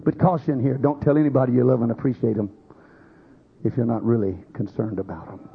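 A man's voice: medium pitch, fairly even intonation, brisk, creaky, narrow, tinny audio, a little hiss or hum. A man preaching a sermon, acting out quoted voices as he goes. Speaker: pastor.

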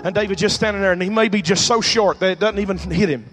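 A preacher with an Alabama accent, preaching a fervent sermon in shouted storytelling. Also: male voice, high voice, quick pace. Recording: music playing behind.

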